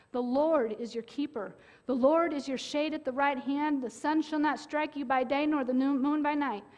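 Earnest woman preaching a sermon. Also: sits high. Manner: earnest, with dramatic pauses and sudden loud bursts.

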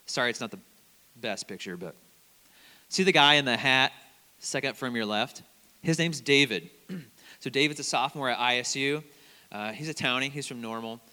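A man preaching a conversational sermon as a campus minister, telling stories in an animated way and quoting other people's words. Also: mid-range voice, moderate pace, long pauses. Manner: conversational, animated storytelling with quoted voices. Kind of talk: sermon with storytelling. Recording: long hall reverb.

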